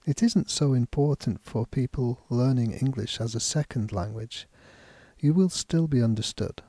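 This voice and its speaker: A man teaching an English lesson, speaking slowly and deliberately with careful enunciation as he explains stress and reads a text aloud. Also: mid-range voice, warm tone, no echo. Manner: slow, deliberate, clearly enunciated.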